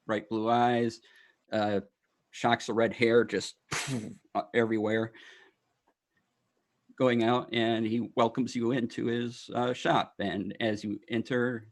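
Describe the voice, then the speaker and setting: A man narrating as dungeon master of a tabletop game, in a loose, halting way with many fillers. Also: on the low side.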